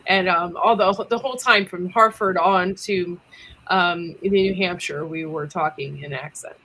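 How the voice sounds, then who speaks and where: A woman chatting casually on a livestream, laughing often and filling pauses with ums. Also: fairly low pitch, steady tone, bright, forceful tone. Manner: giggly, chatty, lots of ums. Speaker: livestream co-host.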